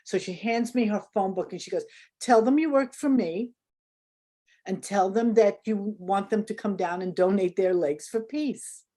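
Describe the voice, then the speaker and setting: A woman's voice: medium pitch, moderate pace, mellow. An older woman, a guest in an interview, telling stories animatedly, acting out quotes and laughing often. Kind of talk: casual storytelling interview.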